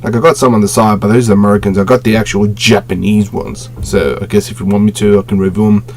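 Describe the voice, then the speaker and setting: A man's voice: on the low side, little pitch movement, quick pace, darkish tone. A man casually reviewing a collectible on a webcam at home, rambling, with many fillers and self-corrections. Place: home room with display shelves.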